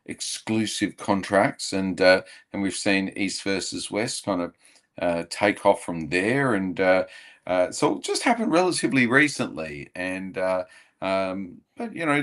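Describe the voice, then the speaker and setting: A man co-hosting a casual podcast, talking in a rambling way with many filler pauses and restarts. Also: deep voice. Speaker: podcast co-host.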